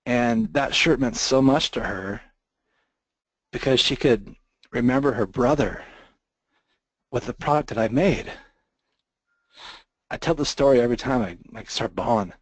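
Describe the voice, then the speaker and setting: A man presenting a webinar, making an emotional sales pitch and choking up as he talks. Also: a little slow, pauses often, no room sound, rough recording. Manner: earnest, gets choked up telling a story. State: emotional, near tears.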